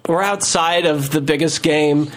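A man's voice: fairly high pitch, unhurried. A man telling a long story in casual chat, rambling with many fillers and restarts. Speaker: storyteller guest.

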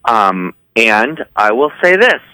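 A man's voice: medium pitch, very animated, takes it slowly, pushed and bright, smooth, no echo, rough recording. A man from the Eastern Shore of Maryland, speaking, chatting as a podcast guest in a rambling way, full of "um" and "you know.". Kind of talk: casual conversational chat.

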